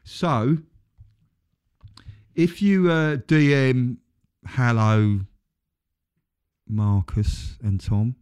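A man's voice: medium pitch, extremely slow, long pauses, a little mellow, smooth. A man co-hosting a podcast in casual chat, rambling and correcting himself as he goes. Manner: rambling, self-correcting, chatty. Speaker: podcast co-host.

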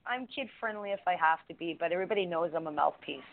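A woman's voice: on the low side, quick pace, creaky. A woman co-hosting a radio talk show, blunt and profane, rambling and laughing. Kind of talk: casual radio chat. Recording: tinny phone-line audio.

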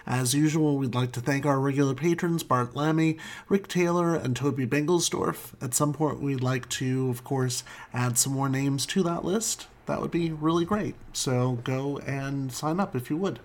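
A man hosting a podcast in casual chat, self-deprecating and quick to laugh. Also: medium pitch. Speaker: podcast host.

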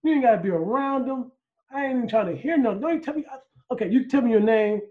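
A man co-hosting a podcast, telling stories in loud, profane, animated banter. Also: very high voice, quick pace, narrow, tinny audio. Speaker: podcast co-host.

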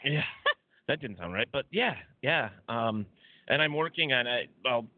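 A man's voice: medium pitch, lively intonation, unhurried, no room sound, phone-quality sound. A man hosting a paranormal talk radio show, joking and stumbling over his words. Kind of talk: casual chat.

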